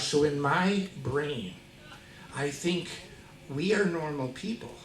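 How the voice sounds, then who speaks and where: A middle-aged guitarist telling a story from a concert stage, excitable, laughing and shouting out his punchlines. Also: on the high side, very slow, long pauses. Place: live concert venue. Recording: echoey concert hall, mic far off.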